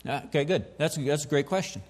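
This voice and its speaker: A man's voice: a little high, fast talker, a little mellow. A male pastor delivering a sermon, posing questions and repeating himself as he thinks. His voice carries a long hall reverb.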